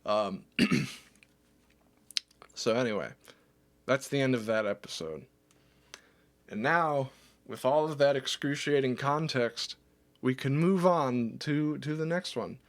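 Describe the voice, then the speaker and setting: A man telling a story on a livestream in a casual, animated way, swearing and acting out other people's lines. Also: mid-range voice, takes it slowly, long pauses. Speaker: streamer.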